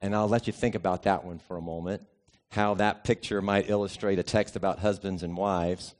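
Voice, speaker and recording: A middle-aged man, a pastor, giving a sermon in a conversational, easygoing way, telling a personal story and pausing often. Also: sits low, steady tone, a little mellow. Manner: conversational and easygoing, with frequent pauses.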